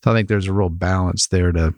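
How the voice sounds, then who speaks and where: A male podcast host with a fairly low voice talks in a relaxed, reflective way. The sound is dry and close, with no room echo. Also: fast talker. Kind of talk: casual interview chat.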